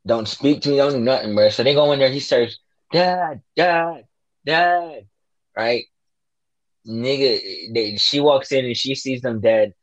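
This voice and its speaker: A man's voice: medium pitch, normal speed, hardly any pauses, dry recording, lo-fi sound. A man in casual chat, animatedly retelling a horror movie, swearing a lot and acting out the characters' lines. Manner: profane, animated, acts out quotes.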